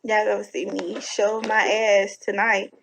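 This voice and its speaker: A woman giving casual reaction commentary from home at night, animated, sassy and blunt, swearing freely. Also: mid-range voice, measured pace, creaky, a little hiss or hum, poor audio. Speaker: online commentator reacting to videos.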